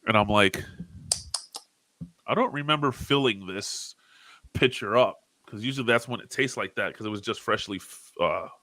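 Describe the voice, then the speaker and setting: A man co-hosting a casual podcast, telling animated stories and swearing freely. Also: lowish voice, moderate pace, no echo. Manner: animated storyteller, swears freely, acts out arguments loudly. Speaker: podcast co-host. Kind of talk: casual chat.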